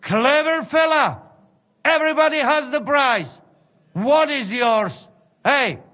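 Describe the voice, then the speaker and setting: A man's voice: very high voice, animated, slow, bright, forceful tone, heavily acted. An actor playing a blunt male mercenary with a Slovak accent, speaking broken English in a game cutscene.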